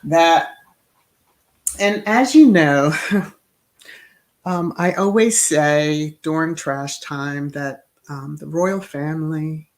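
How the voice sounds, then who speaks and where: Woman, middle-aged, livestream host; slow, chatty, laughs easily, echoey room. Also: low-pitched. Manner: chatty, reacts aloud to viewers, laughs often. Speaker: channel host. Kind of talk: casual livestream chat reading comments. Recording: roomy echo.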